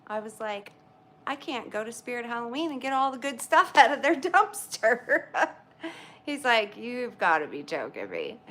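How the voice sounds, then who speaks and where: A woman's voice: sits high, unhurried, a bit bright. A woman, chatting casually with livestream viewers, greeting them by name and laughing often. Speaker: livestream host.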